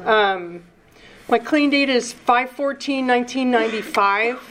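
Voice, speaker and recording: A woman in her sixties speaks slowly and haltingly as she shares her recovery story. She is nervous and emotional, restarts her sentences and swears now and then. A faint hiss sits under her voice. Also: fairly high pitch, a bit bright, low-quality recording.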